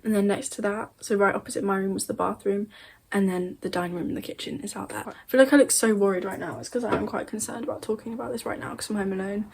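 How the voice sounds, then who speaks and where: A woman's voice: medium pitch, fairly even intonation, fast talker, gravelly, a little hiss or hum. A young woman in her bedroom telling a spooky story in a casual, rambling way, correcting herself as she goes. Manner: chatty, rambling, self-correcting. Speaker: vlogger. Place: bedroom at home.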